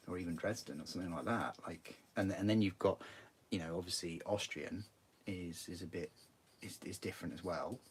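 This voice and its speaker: A man's voice: sits low, husky. A young man with a northern English accent, chatting casually and rambling while he builds models. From northern England. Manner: rambling, chatty, many restarts. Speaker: hobby streamer.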